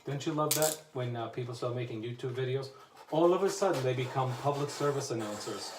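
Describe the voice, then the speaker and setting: Chatty male tradesman demoing wallpaper hanging; echoey room, steady noise behind. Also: mid-range voice, fairly quick. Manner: chatty, joking asides to viewers; talks while working, drifts from the mic. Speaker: wallpaper installer. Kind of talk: hands-on how-to demonstration. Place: indoor room being wallpapered.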